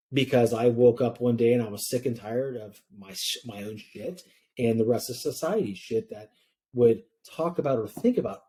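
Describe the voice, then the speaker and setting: A man's voice: medium pitch, warm tone. A man hosting a casual podcast interview, talking in a hyped, slangy, enthusiastic way. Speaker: podcast host.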